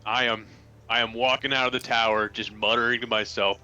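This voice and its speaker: A man playing a tabletop game who describes his actions in a rambling, animated way. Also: on the low side, brisk, dull audio. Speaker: player.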